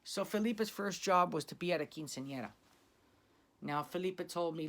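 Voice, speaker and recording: A man's voice: high voice, normal speed, fairly bright tone. A man hosting his own channel, telling a crime story in casual street slang, swearing freely and talking to viewers as guys.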